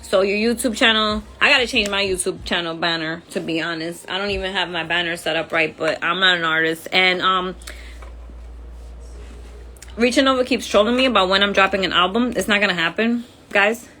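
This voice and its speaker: A woman's voice: medium pitch, a little fast, pushed and bright. A woman with an accent hosting a casual phone livestream, chatty and friendly, using informal slang. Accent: accented English. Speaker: livestream host.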